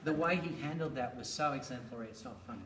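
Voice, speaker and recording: A middle-aged man gives a talk on raising children, spinning anecdotes and tossing in rhetorical asides with a chuckle. He is picked up from some distance in an echoey room, and steady noise sits under his voice. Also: medium pitch, fast talker. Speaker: speaker on parenting, school educator. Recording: roomy, distant, noisy room recording.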